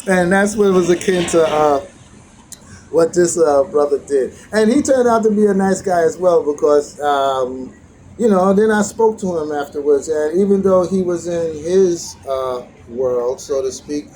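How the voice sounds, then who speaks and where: A man's voice: on the high side, unhurried, slight background noise, rough recording. Man rambling through a reflective story. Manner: meandering, restarts sentences, lively when retelling challenges. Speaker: vlogger sharing a daily teaching.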